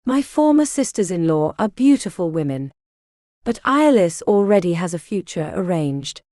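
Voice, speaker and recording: A woman's voice: on the low side, sing-song, normal speed, mellow, no echo, clean studio sound. A woman voicing a stern, weary middle-aged king in a medieval audiobook. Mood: grave.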